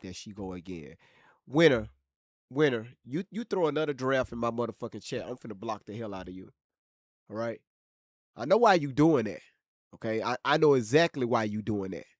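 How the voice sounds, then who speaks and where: A man hosting a livestream, teasing his chat in a loud, profane, joking way. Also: medium pitch, lively intonation, fairly quick, no room sound, clean studio sound. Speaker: livestream host reading chat. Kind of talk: casual livestream commentary.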